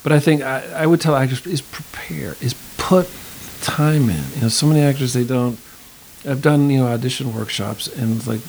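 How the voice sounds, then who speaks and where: A middle-aged man speaks in a relaxed interview, circling his thoughts with frequent restarts and self-corrections. His voice sits at an ordinary pitch, and a faint hiss runs under the recording. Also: normal speed, rough recording. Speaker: actor and acting teacher. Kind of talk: conversational interview.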